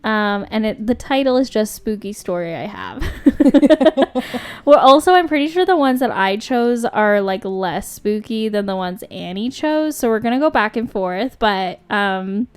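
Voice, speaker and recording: A young woman co-hosting a podcast, chatting casually and then reading a story aloud at a steady pace. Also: medium pitch, clean tone. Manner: chatty, laughs easily, reads with slow steady pacing. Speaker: podcast co-host.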